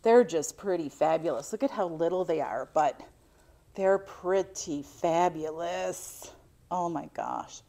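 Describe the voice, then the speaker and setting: A woman's voice: low-pitched, lively intonation, moderate pace, creaky, few pauses, dark tone. A middle-aged woman chatting casually as she unboxes vintage finds, gushing and exclaiming often.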